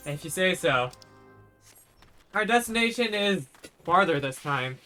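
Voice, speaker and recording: A man's voice: high voice, expressive, measured pace, long pauses, sharp tone, soft background music. A man casually commenting while playing a fantasy game, chatty with self-mocking asides. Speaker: game streamer.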